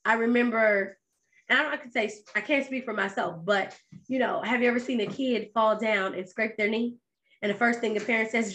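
A woman hosting a podcast in a casual monologue, talking conversationally and firing off animated rhetorical questions. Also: on the high side, moderate pace. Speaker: podcast host.

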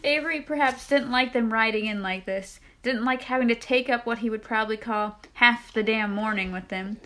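A woman's voice: on the high side, normal speed, fairly bright tone. A woman casually reading a novel aloud with chatty asides. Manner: chatty, laughing asides between passages.

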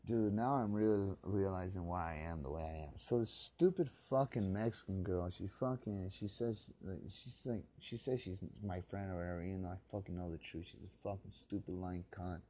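A man's voice: sits low, normal speed, hardly any pauses, mellow. A man from the Los Angeles area in a rambling solo podcast monologue, talking bitterly and with constant swearing, often rising into angry rants.

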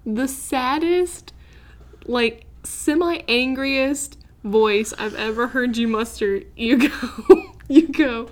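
A woman's voice: a little high, slow. A woman co-hosting a podcast, telling stories in a giggly, rambling casual chat. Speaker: podcast co-host.

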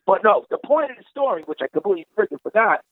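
A man telling an exasperated, animated story in casual chat, swearing and acting out what people said, heard over a phone line. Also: high-pitched, rapid-fire, no room sound.

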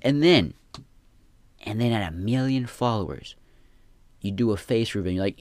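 A man's voice: fairly low pitch, animated, moderate pace, pauses often, darkish tone, no room sound. A young man ranting in a casual, profane, rambling way, often repeating himself. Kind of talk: casual rant.

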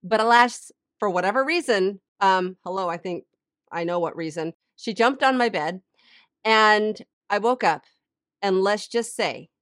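A woman hosting a faith podcast who tells stories in a chatty, animated way, full of casual fillers. Her voice sits at a middle pitch. The recording is dry and close, with no room echo. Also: a little slow. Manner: chatty, animated storytelling with many "like"s. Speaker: Christian life coach and podcast host.

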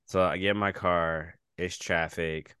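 A podcast co-host tells stories expressively in casual chat, laughing often and between lines. He speaks slowly in a deep, expressive, clear, resonant voice, recorded with studio quality and no room sound.

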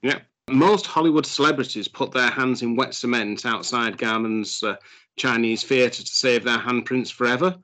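A man's voice: medium pitch, moderate pace, pushed and bright. A man hosting a casual podcast, joking and plugging shows. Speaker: podcast host.

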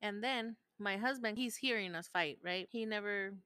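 Animated, cursing mom telling a story. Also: female voice, medium pitch, moderate pace, smooth, dry recording. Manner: animated, swears freely, switches between English and Spanish. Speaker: podcast host. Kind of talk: casual storytelling.

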